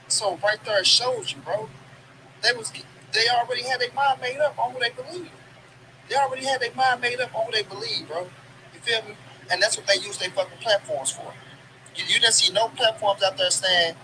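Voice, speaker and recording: A man's voice: high-pitched, brisk. Ranting man over background noise. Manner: profane, emphatic, repeats lines for stress. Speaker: boxing commentary channel host. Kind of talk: casual ranting commentary. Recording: clip with steady background noise.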